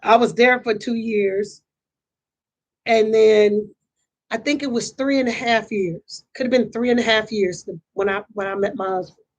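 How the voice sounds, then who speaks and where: A middle-aged woman with a high voice talks through a casual chat as host. She tells stories in a lively, animated way, acts out quotes and laughs often. She repeats herself and restarts phrases as she goes. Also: a little slow.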